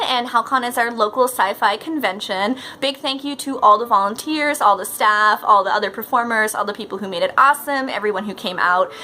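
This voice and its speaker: A woman's voice: a little high, bright, forceful tone, slight background noise. A chatty, bubbly woman, talking casually to the camera in a vlog. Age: 30s. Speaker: professional mermaid vlogger.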